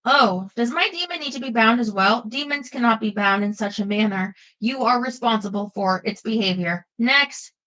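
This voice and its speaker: A woman's voice: a little high, moderate pace, few pauses, bright, forceful tone, poor audio. A woman voicing a bored female registration clerk intoning rules in an audiobook.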